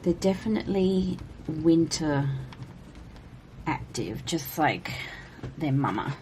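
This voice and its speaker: A woman chatting casually as she colors for a vlog, rambling with frequent "like" and breaking into a high baby voice for her cats. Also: expressive, slow, background noise. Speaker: coloring vlogger. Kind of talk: casual color-and-chat commentary.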